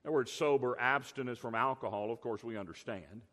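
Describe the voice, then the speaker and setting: An older man preaching a sermon as a pastor, emphatic, drawing out key words slowly. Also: mid-range voice, a bit bright. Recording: long hall reverb.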